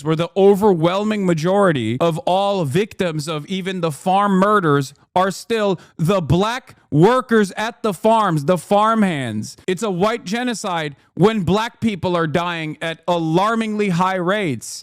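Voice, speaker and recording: A man's voice: sits high, moderate pace, smooth, no room sound, studio quality. Sarcastic ranting streamer man. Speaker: streamer host. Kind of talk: sarcastic political commentary.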